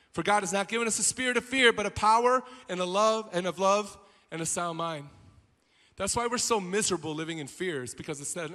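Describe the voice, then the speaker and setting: High, bright-voiced pastor in a hall. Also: male voice. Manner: swings from quiet to shouting. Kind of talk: sermon. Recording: long hall reverb.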